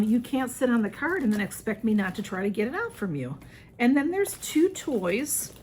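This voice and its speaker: A woman's voice: mid-range voice, slight background noise. A woman chatting through a home unboxing video. She gushes over each item and keeps talking to her cats. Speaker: unboxing vlogger. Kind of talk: casual unboxing chat.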